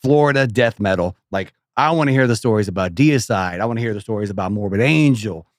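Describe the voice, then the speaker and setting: A man co-hosting a podcast, chatting casually with a relaxed, enthusiastic fan's manner. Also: on the low side, quick pace, no room sound, studio quality. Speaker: podcast co-host. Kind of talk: casual chat.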